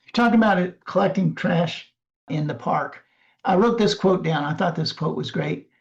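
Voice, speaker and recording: A man co-hosting a podcast, talking in an earnest, measured way with "uh" fillers as he reflects on an interview. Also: sits high, creaky, dull audio. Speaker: podcast co-host. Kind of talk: casual podcast recap chat.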